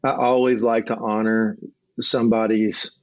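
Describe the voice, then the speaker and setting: Middle-aged guy, earnest, keeps restarting, low flat voice, dull lo-fi sound, dry. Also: a little slow, no echo. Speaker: marriage coach, guest. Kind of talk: casual conversation. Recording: dull lo-fi recording.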